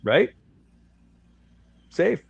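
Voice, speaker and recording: With drawn-out words and a darkish tone, a grandfatherly older man serving as guest commentator recounts a story in blunt, outspoken casual talk, performing the quoted dialogue. The sound is lo-fi and free of echo.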